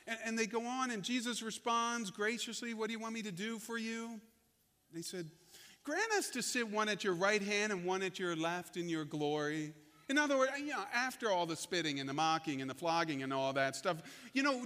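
A male pastor preaching a sermon, telling the story with lively energy and acting out the people he quotes. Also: sits high, moderate pace, in a large hall. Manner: animated storytelling, acts out quotes.

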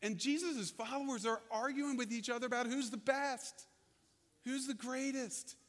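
Animated high-voiced male pastor preaching. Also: normal speed, long reverb tail. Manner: animated storytelling, acts out quotes. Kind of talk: sermon.

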